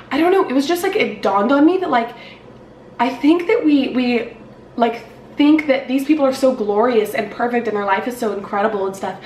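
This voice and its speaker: A beauty vlogger in her twenties tells a story on her vlog, casual and upbeat, packed with "like" and other fillers. Her voice is on the high side and far from the mic, with a little hiss or hum. The room echoes, and there's faint ambience in the background.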